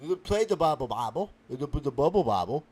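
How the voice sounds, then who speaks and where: Dude doing a whiny guy w/ a speech impediment, high voice, words all jumbled, super touchy. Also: big pitch swings, darkish tone, breathy edge. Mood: impatient. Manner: garbled, mixed-up words, touchy and quick to take offense. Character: whiny adult male guest with a speech impediment. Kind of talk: comedic character sketch.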